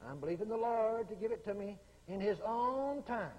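A man's voice: sits high, lively intonation, normal speed, darkish tone. A man preaching a revival sermon, bold and emphatic, hammering his points through repetition. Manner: bold, emphatic, repeating phrases. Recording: echoey hall with long reverb.

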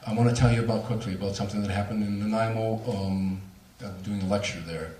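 A man, a speaker on near-death experiences, telling a story to a lecture audience with animated, laughing delivery. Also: fairly low pitch, fast, echoey room, far from the mic, slight background noise. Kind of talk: storytelling at a talk.

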